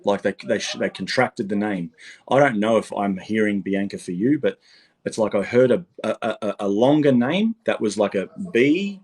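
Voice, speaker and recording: A man's voice: lowish voice, lively intonation, normal speed, a little mellow, slightly rough. A man giving a casual psychic tarot reading, rambling and repeating himself, swearing freely.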